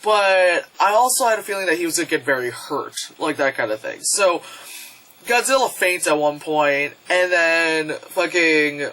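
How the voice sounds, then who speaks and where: A woman casually reviewing a movie in a vlog, excitable and profane, breaking into loud yelps as she retells scenes. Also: deep voice, moderate pace, low-quality recording.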